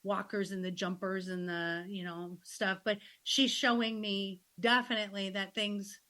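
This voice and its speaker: A woman's voice: mid-range voice, unhurried. A woman in her fifties hosting a podcast, a grandmother chatting casually and acting out quotes with laughter. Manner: animated, laughing, acts out quotes. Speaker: podcast host.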